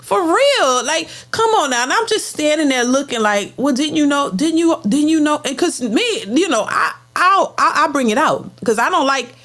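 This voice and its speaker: A woman's voice: high-pitched, animated, moderate pace, few pauses, fairly bright tone. A woman hosting a reaction channel, giving a blunt, emphatic casual rant and repeating words as she gets worked up.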